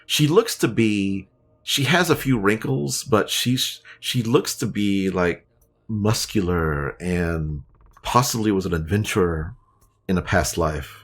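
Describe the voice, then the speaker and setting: A man runs a tabletop game, describing rooms and people in a relaxed, offhand way with plenty of fillers. His voice sits on the low side. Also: slow pace, husky. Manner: loose, casual narration with fillers. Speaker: dungeon master.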